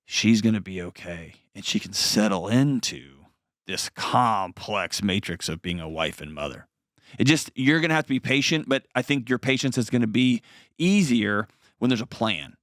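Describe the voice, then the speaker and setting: A man's voice: lowish voice, animated, moderate pace, dry recording. Earnest man on a dry studio mic. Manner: earnest, conversational, gently reassuring. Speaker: advice show host. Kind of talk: advice call-in show.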